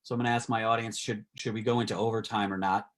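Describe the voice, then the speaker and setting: Man hosting an online interview show; halting delivery, many fillers. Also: fairly low pitch, little pitch movement. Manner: halting, filler-heavy questions. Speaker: host.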